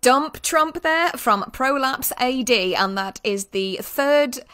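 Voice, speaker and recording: A woman's voice: sits high, animated, slow pace, very noisy. A woman presenting a rock radio show and interviewing a band.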